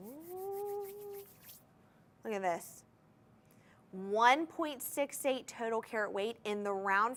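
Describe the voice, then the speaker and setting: An upbeat woman with a slightly high voice hosts a live jewelry sale on a shopping channel. She chats enthusiastically, talking directly to the viewers at home from a TV studio. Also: a bit bright. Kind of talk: live TV jewelry sales pitch. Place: TV studio with controlled lighting.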